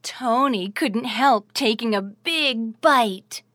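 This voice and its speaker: Woman, children's story narrator, expressive, sing-song, high, slow, dry close recording. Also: dry recording.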